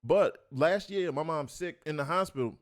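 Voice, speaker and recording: A man's voice: fairly high pitch, moderate pace. A man co-hosting a podcast, telling casual stories and acting out the voices of the people in them. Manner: animated, acts out quotes. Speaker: podcast co-host. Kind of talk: casual storytelling chat. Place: podcast studio.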